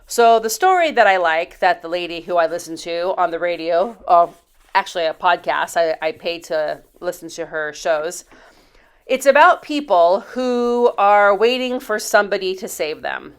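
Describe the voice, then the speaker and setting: A woman's voice: lowish voice, moderate pace, clear, resonant tone. A woman in her fifties hosting a DIY channel, telling stories in a rambling, chatty voice-over full of asides. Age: 50s. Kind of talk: casual storytelling voice-over.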